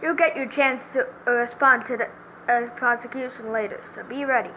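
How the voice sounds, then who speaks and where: A woman voicing a calm female mentor lawyer, giving soft, measured advice while reading game dialogue aloud. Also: on the high side, slight background noise, poor audio.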